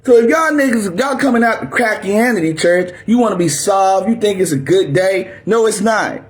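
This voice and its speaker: A man's voice: high voice, animated, normal speed. Fiery, confrontational preacher man with a raised voice. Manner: aggressive, confrontational, drill-sergeant bark. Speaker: preacher teaching scripture. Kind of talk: fiery sermon.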